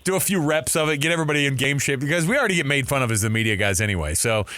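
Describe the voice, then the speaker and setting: A man's voice: medium pitch, expressive, racing, bright, forceful tone, dry recording. A man hosting a radio sports show, chatting casually and joking with his co-host. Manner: joking, laughs often. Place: radio studio.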